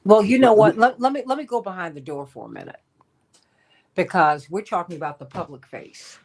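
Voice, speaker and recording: A woman hosting a talk show, telling stories in a lively, chatty way with frequent laughs. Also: lowish voice, a little fast. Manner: animated storytelling, laughs often, addresses guests by title. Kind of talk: casual radio talk.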